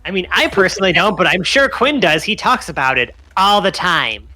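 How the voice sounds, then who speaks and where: A man's voice: high voice, animated, brisk, pushed and bright. A man playing a tabletop role-playing game in an easygoing, reasonable way. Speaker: player. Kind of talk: casual tabletop role-play.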